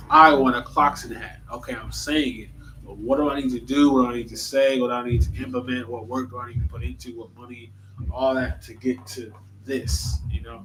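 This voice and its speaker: A man's voice: mid-range voice, background noise. A man talking casually and reflectively to his viewers, a little tired, addressing them as y'all. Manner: relaxed, musing, speaks to viewers as y'all. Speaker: vlogger. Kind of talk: casual reflective vlog talk.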